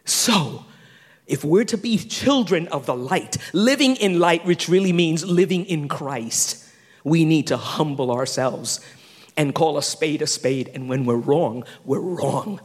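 Animated high-voiced male preacher in a hall. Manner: animated, swinging from loud to hushed, quick asides. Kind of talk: sermon. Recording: long reverb of a large hall.

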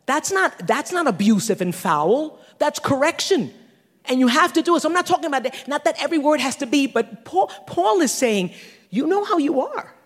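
A woman in her sixties preaching a sermon, animated, with teasing asides and laughter. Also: high voice, brisk. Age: 60s. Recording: long hall reverb.

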